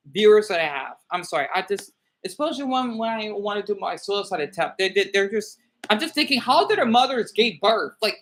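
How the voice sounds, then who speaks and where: A man's voice: high-pitched, a bit bright. A man livestreaming commentary and reading viewer comments aloud. He rambles, sounds irritable, and often stumbles and repeats words.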